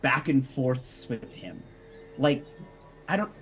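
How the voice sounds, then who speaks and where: A man's voice: mid-range voice, sing-song, takes it slowly, faint music behind, rough recording. A man who plays in a tabletop game, chatting casually after the session, rambling and swearing with frequent restarts. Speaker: player. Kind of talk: casual post-session chat.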